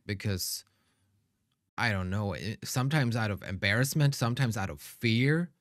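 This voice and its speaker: A man hosting a reaction video, talking back to the screen in a sassy, animated way. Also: fairly low pitch, no room sound, studio quality. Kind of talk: casual reaction commentary.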